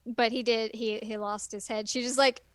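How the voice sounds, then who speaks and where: A woman's voice: on the high side, level tone, normal speed, no room sound, clean studio sound. A woman on a casual podcast, rambling through a plot recap with lots of ums. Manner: rambling plot retelling with many fillers. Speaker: guest reviewer.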